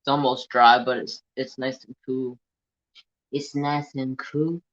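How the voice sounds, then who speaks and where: A man hosting a crafts livestream in casual chat, slow and chatty, a bit teary and sniffly, at home with a fan blowing. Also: medium pitch, flat delivery, a bit bright. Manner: slow, chatty, humming to himself. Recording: dull lo-fi stream audio.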